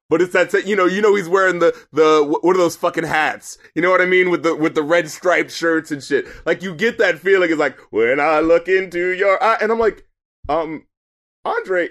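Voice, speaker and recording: A man co-hosting a podcast, chatting casually and swearing through animated, incredulous rants about an album. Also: high voice. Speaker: podcast co-host reviewing albums. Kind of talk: casual chat.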